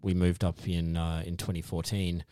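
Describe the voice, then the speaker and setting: An Australian man, a podcast guest, telling his story in a modest, halting way with many restarts. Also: low-pitched, level tone, dark tone, clear, resonant tone, no echo, studio quality. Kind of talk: casual interview chat.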